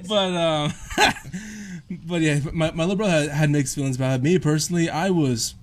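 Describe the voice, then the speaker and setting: A man's voice: on the high side, fairly quick. A young man telling a story in a casual chat, laughing between phrases.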